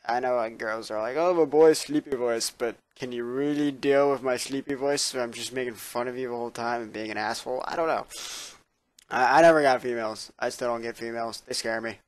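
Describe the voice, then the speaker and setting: Sitting indoors at his computer late at night, a young man vlogs to his webcam fairly quickly, his ordinary-pitched voice fairly even in intonation. He's worn out, sarcastic and swears a lot in this casual ramble, recorded dry and close without room echo.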